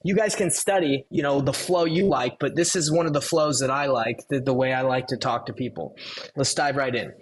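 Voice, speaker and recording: A man's voice: medium pitch, moderate pace, husky. A man coaching sales calls in a casual, conversational way, walking through a phone script and acting out both sides of the call. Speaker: real estate wholesaling coach. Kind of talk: casual teaching walkthrough of a cold-call script.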